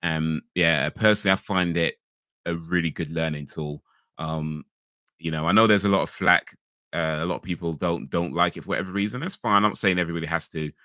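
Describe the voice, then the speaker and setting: A man from England chats loosely to his stream viewers, circling back on himself and laughing at his own asides. His voice sits very low yet comes across bright and forceful. The sound is dry and close, with no room around it. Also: dry recording. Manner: rambling, frequent restarts and fillers, laughs easily. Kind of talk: casual live-stream chat.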